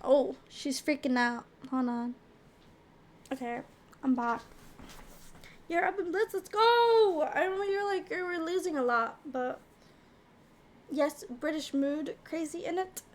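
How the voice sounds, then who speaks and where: High-voiced woman chatting on a stream. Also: slow pace, pauses often. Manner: playful, teasing, chatty. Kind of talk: casual chat with viewers.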